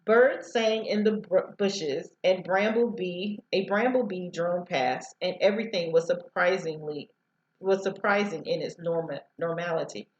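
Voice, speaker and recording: A woman's voice: on the low side, a little slow, reverberant, lo-fi sound. A woman teacher reading a novel aloud to students over a headset, sometimes stumbling over words.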